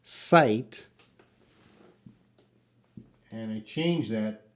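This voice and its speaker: A man teaching English pronunciation in a live online class, drawing out words slowly and answering questions from the chat. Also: fairly low pitch, a little mellow. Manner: slow, drawn-out word repetition for learners.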